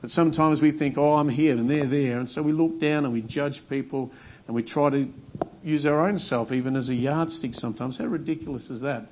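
Pastor, man, mid-pitched voice, earnest sermon delivery with repeated phrases. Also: fairly quick, a little hiss or hum.

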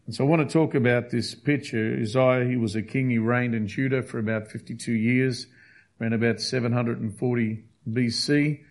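A man's voice: medium pitch, fairly even intonation, moderate pace. A man preaching a sermon, emphatic and repetitive, hammering key phrases. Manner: emphatic, repeats key phrases, acts out quotes.

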